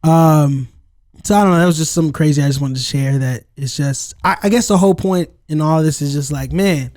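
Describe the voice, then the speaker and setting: A man's voice: a little high, fairly quick, no room sound, clean studio sound. A man co-hosting a podcast, telling stories in casual, slangy chat full of "like" and "you know". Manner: storytelling, animated, slangy, lots of "like" and "you know". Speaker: podcast co-host.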